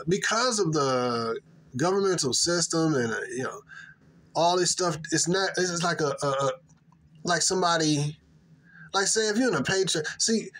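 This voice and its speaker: A man's voice: on the high side, fairly bright tone. Emphatic rambling man in a slangy monologue. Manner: rambling, emphatic, slangy, mocking put-on voices. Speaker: vlogger giving opinions. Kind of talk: casual monologue.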